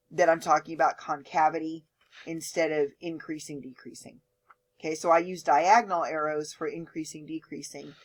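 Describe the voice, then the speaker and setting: A woman teaching a math lecture, explaining step by step and often checking in with "okay?". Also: low voice. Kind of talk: lecture with board work.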